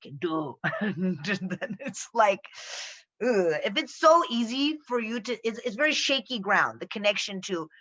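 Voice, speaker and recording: A woman's voice: medium pitch, unhurried, highs cut off. A woman from the American Midwest with an American accent, chatting casually as a podcast guest and acting out the voices of people in her stories. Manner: animated storyteller, acts out quoted voices. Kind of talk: casual chat.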